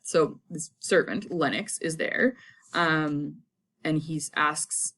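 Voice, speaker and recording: A woman's voice: deep voice, slow pace, fairly bright tone. A woman teaching a lesson in a chatty, casual way, retelling the story in everyday slang. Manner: chatty, paraphrases characters in slang.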